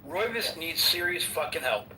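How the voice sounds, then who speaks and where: A man's voice: a little high, big pitch swings, normal speed, pushed and bright, distant mic, slight background noise. A man in a heated voice-chat argument, indignant and swearing as he demands that moderators remove a troll. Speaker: voice chat room participant. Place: online voice chat app.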